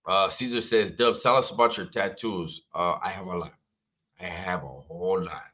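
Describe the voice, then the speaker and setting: A man's voice: low voice, moderate pace, lo-fi sound. A man hosting a livestream, chatting casually and straight to his viewers, full of slang and swearing. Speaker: livestream host.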